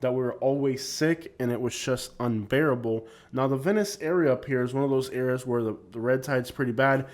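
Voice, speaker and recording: A man's voice: mid-range voice, fairly quick, few pauses, darkish tone. Rambling, opinionated man narrating a vlog. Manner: rambling and opinionated, with frequent restarts. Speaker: vlogger. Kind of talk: casual vlog narration over driving footage.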